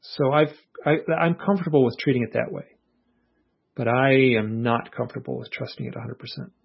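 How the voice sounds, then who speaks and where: Husky, gravelly man telling a story. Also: medium pitch, fairly quick. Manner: earnest, reflective, animated retelling with quoted inner thoughts. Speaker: author and interview guest. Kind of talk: casual conversational storytelling. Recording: muffled lo-fi audio.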